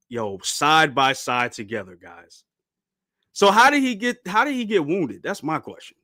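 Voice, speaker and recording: Give me a lively male streamer reacting to a comic, a bit high and bright. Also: a little slow. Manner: animated, slangy, keeps shouting and laughing in disbelief.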